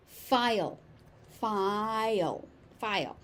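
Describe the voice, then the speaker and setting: Very slow, deliberate American woman teacher. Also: mid-range voice, lively intonation, mellow. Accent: General American. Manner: repeats each word slowly, syllable by syllable. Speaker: pronunciation teacher. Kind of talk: slow, deliberate pronunciation lesson.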